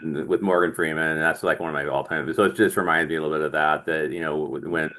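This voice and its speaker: Male interview host, very low voice, halting, restarts a lot. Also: little pitch movement, fairly bright tone. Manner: halting, many restarts and fillers. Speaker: podcast host. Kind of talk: interview conversation.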